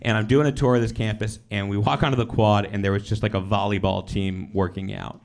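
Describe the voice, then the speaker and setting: A man performing stand-up comedy in a casual, animated way, laughing between his lines. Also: lowish voice, fairly quick, gravelly.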